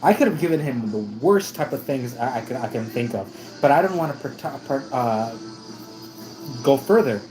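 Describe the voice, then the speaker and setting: A man's voice: mid-range voice, expressive, moderate pace, music in the background, low-quality recording. A man from the United States telling a story in a casual vlog, rambling and often correcting himself. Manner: rambling, self-correcting, with many restarts. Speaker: vlogger.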